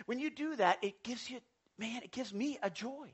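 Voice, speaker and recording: A male pastor delivering a sermon in an animated way, swinging between loud emphasis and soft, quiet asides. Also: very high-pitched, normal speed, husky.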